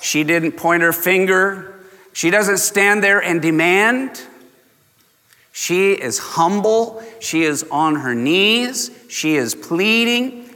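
A man preaching a sermon as pastor, emphatic, slowing down to stress key words and chuckling often. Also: a little high, pushed and bright. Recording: long church reverb.

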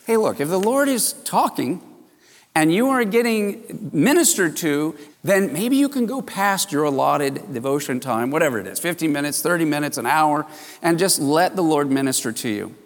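A male pastor preaching a sermon, telling the story with animated exclamations and acting out the disciples' voices. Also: a little high, moderate pace, big-room sound.

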